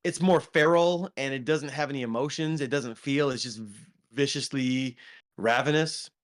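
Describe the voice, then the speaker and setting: Talking films casually with his podcast partner, this man uses a mid-range voice at normal speed. His delivery wanders, with frequent ums and restarts.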